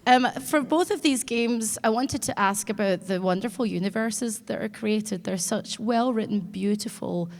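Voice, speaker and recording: A woman hosts an expo stage panel in a mid-pitched voice. She talks in a chatty, bubbly way, jokes about herself, and then turns to her guests with her questions. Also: normal speed, few pauses. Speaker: panel host. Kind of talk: hosting a panel.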